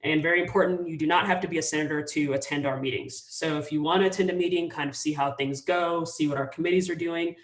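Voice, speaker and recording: A young woman from student government presenting casually on a video call, with a relaxed manner and many fillers. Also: sits low, quick pace, hardly any pauses, recorded from a distance. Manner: relaxed, filler-heavy explaining. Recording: echoey room, voice off mic.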